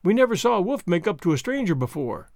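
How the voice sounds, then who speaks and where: A man reading a storybook puts on a higher voice for an earnest young wife who pleads passionately. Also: big pitch swings, fast talker, vocal fry, darkish tone, no room sound, studio quality, heavily acted. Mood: pleading.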